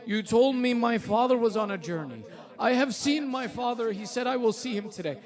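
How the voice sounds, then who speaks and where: A man's voice: very high-pitched, expressive, normal speed. A male preacher voicing a heartbroken small girl who pleads through tears. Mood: pleading. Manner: tearful pleading.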